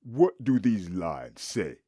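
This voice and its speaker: A man voicing a dim-witted male village warrior who speaks in slow, broken phrases with a thick accent, in an audiobook. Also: deep voice, animated, dark tone, no echo, studio quality, full character voice. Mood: suspicious.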